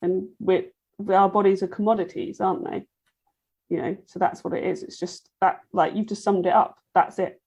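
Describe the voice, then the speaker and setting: A woman's voice: medium pitch, fairly even intonation, normal speed, dark tone, husky, highs cut off. A woman guest on a casual podcast, speaking in an earnest, emphatic way.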